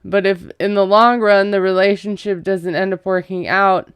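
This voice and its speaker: A woman's voice: mid-range voice, fairly even intonation, moderate pace, clean tone, no room sound. A woman recapping a TV episode in a casual, gossipy, sarcastic way. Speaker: TV recap vlogger.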